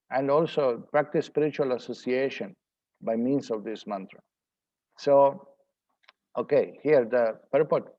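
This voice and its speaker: A man teaching a scripture seminar, explaining verses word by word in an unhurried, explanatory way. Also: medium pitch, gravelly, darkish tone, muffled recording. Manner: explanatory, pauses to translate word by word.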